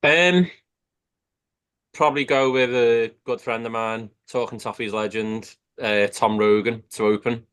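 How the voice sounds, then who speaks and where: A man's voice: medium pitch, fairly even intonation, unhurried, fairly bright tone, clean tone. A man on a fan podcast panel, blunt and sweary in a casual chat.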